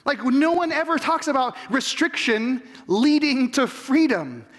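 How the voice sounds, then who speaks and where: A man's voice: extremely high pitch, lively intonation, measured pace, a bit bright. A man in his forties preaching a sermon, emphatic and full of rhetorical questions to the congregation. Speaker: pastor.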